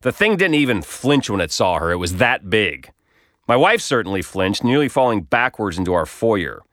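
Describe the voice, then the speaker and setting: A man's voice: lowish voice, sing-song, moderate pace, a bit bright, no room sound. A man reading his own comic story aloud with wry, dry humor. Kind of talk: scripted narration.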